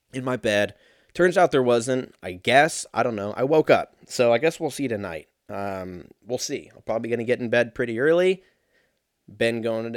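A man in his thirties with a medium-pitched voice rambles casually, swearing often and poking fun at himself. His meandering monologue is recorded dry, at studio quality.

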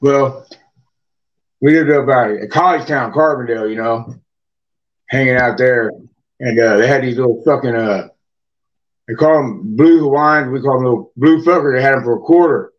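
A man's voice: medium pitch, normal speed, pauses often, highs cut off. An older man, a podcast guest, telling rambling, profane stories in a laid-back way. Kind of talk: casual storytelling.

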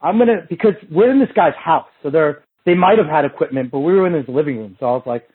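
Husky man telling a profane story. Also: on the high side, quick pace, narrow, tinny audio. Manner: animated and profane, acts out what others said. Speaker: strength and movement coach. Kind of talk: casual storytelling.

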